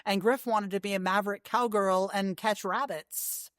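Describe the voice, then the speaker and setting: A woman being interviewed about a long horseback journey, telling her stories in an animated way with many asides. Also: medium pitch, moderate pace, no room sound, clean studio sound. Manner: animated storyteller with frequent asides. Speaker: guest, long-distance horse rider. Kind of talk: casual interview storytelling.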